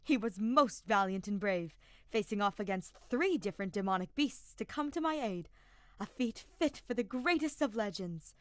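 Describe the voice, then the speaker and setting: A woman's voice: mid-range voice, lively intonation, normal speed, dry recording, studio quality, close to an everyday voice. A woman voicing an earnest, grandiose young male knight who speaks in a courtly way in a read-aloud story.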